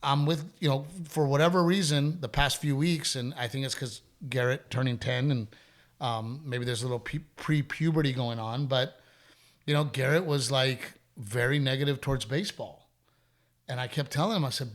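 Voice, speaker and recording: A middle-aged podcast host, male, chats openly and tells stories, using repetition when he's being emphatic. His mid-range voice moves at a moderate pace.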